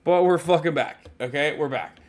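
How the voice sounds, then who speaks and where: A man chats casually on a livestream from a hotel room, rambling and cursing freely. His voice sits a little high for a man. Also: normal speed. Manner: profane, rambling, joking.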